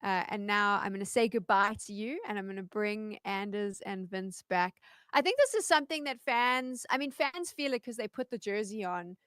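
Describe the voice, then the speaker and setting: South african lady hosting esports stream, chatty, smooth voice, dry close mic. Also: mid-range voice, animated, normal speed, a bit bright, dry recording. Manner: upbeat, chatty, stumbling through usernames. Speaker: esports show host. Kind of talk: live esports broadcast hosting.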